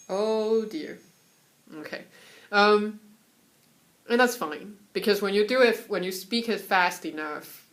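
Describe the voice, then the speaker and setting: A young woman from Taiwan giving a casual, chatty lesson on Mandarin tones at home, sometimes singing syllables to show the pitches. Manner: relaxed, chatty, breaks off to soothe her cat; sings syllables and solfege to demonstrate tones. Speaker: Mandarin tone teacher.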